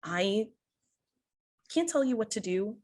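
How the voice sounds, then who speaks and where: A narrator putting on a gentle, consoling woman. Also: mid-range voice, animated, slow pace, voice pushed up. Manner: gentle, reassuring, hesitant. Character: gentle, caring woman comforting a young person.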